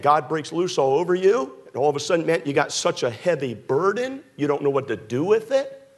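A man preaching a sermon to a congregation, animated, his voice climbing high when he acts out pleading prayers. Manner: drops soft and low acting out a scared prayer. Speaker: pastor. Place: church sanctuary with a congregation.

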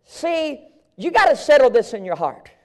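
A man with a strikingly high voice preaches a live sermon. He drops to near-whispers and then rises to shouts, repeating phrases in a fervent cadence. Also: very animated, normal speed.

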